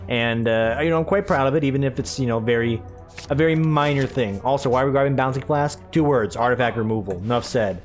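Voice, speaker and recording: A man's voice: mid-range voice, fast talker, soft background music. A young man chatting casually through a let's play, rambling and self-deprecating. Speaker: gaming YouTuber.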